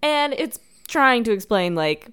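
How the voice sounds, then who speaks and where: A woman's voice: fairly high pitch, very animated, measured pace, fairly bright tone, clean tone. A woman from Canada co-hosting a podcast, telling a history story in casual chat and laughing often. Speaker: podcast co-host.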